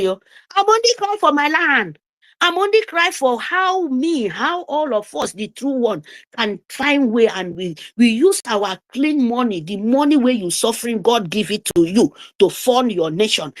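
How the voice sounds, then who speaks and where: Nigerian woman ranting on a group call, highish voice, big swoops up and down, keeps repeating herself. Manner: scolding, emphatic, repeats phrases. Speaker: speaker on an online group call. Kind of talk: impassioned political speech. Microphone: remote call microphone.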